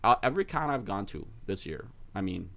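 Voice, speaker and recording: A man's voice: fairly low pitch, very animated, a little fast, gravelly, a bit bright. A man co-hosting a podcast, telling a rambling story in casual chat and laughing often. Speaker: podcast co-host.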